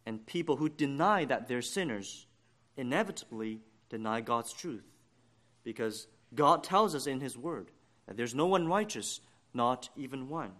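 A man delivering a sermon in a steady, mid-range voice. He speaks earnestly and deliberately, lifting his voice at key points and dropping it low at others. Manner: earnest, deliberate preaching with rising emphasis. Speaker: preacher.

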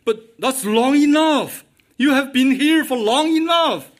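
High-voiced, slow-preaching man. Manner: emphatic, repeats key questions. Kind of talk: sermon.

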